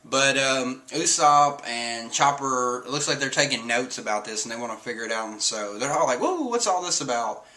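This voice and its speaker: A young man walks through a comic chapter in a loose, chatty way, laughing often and breaking into silly voices for quotes. His voice is bright and forward, and his pitch sits in a middle range. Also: fairly even intonation, normal speed, hardly any pauses, rough recording. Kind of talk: casual recap commentary.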